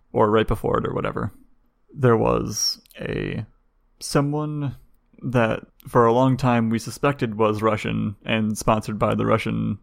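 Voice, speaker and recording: Deadpan gravelly man, dry close mic. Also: medium pitch, dry recording. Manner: dry, deadpan, bored delivery. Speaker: podcast co-host, security guy. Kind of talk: casual tech chat.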